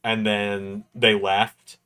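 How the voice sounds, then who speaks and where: Man, fairly low voice, relaxed stream host, chatty and explanatory. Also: drawn-out words, smooth. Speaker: host of a wrestling watch-along stream. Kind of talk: casual livestream chat.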